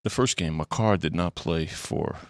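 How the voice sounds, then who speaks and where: A man as a guest on a sports talk show, rambling wryly with many fillers and halting restarts. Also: sits low, no echo, studio quality.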